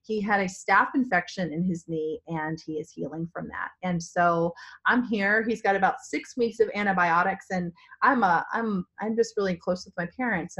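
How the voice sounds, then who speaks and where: A woman from Virginia with a hoarse, partly lost voice, giving a spontaneous, rambling pep talk to her sales team from a family home. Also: fairly low pitch, a bit bright. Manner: enthusiastic, rambling, full of restarts. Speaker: direct-sales team leader. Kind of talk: spontaneous motivational vlog.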